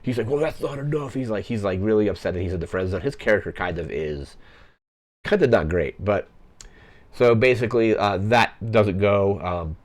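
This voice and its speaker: Man, young adult, low voice, podcast host, casual rambling film recap, lots of "like". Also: moderate pace. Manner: rambling, heavy use of "like" fillers.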